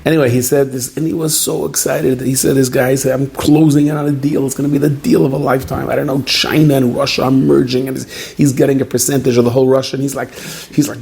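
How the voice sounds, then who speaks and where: A man speaking as a rabbi, giving a Purim talk to a live audience as an animated storyteller who banters with his listeners. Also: mid-range voice, fast, vocal fry, few pauses, husky.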